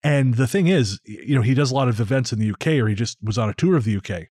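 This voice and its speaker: A man's voice: mid-range voice, lively intonation, rapid-fire, a little mellow, dry recording, studio quality. A man with an American accent hosting a podcast, chatting casually and wryly, often restarting his sentences. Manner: rambling, wry, restarts sentences. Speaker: podcast host.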